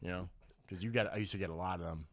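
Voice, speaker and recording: A man co-hosting a casual podcast chat, an animated storyteller who laughs loudly and swears freely. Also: sits low, rapid-fire. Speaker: podcast co-host.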